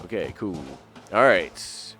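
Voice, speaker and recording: A man's voice: deep voice, lively intonation, takes it slowly, sharp tone, faint music behind. A man giving rambling, casual commentary on his gameplay as host, full of fillers and asides to enemies. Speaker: gaming channel host.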